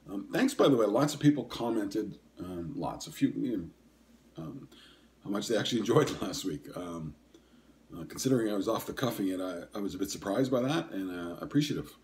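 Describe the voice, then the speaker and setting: A deep-voiced man in his sixties talks alone as a podcast host in a loose, easygoing ramble. He stops often with ums and corrects himself mid-sentence, with a faint hiss of noise behind him. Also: lively intonation, a little fast, darkish tone. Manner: rambling and hesitant, full of ums and self-corrections. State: coughing and sniffling. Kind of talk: casual solo podcast chat.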